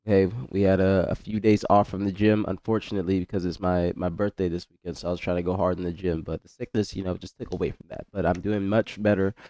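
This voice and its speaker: A man's voice: low voice, level tone, fast, hardly any pauses, mellow, dry recording. A young man with a congested voice, chatting loosely with his stream chat, greeting viewers by name and often repeating himself. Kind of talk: casual livestream chat.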